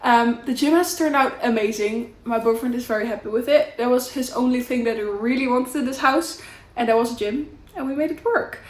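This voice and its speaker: A woman's voice: on the high side, fairly quick, reverberant. A young woman with a Dutch accent, casually catching up with her viewers in a chatty, candid, rambling way. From Netherlands. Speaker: vlogger. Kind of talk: casual catch-up chat to camera.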